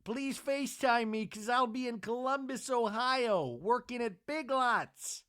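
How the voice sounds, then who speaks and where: A man's voice: extremely high pitch, measured pace, fairly bright tone, voice pushed up. A man voicing a creepy, pushy grown man who leers over a young girl. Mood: leering. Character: leering grown man urging a teen to show off.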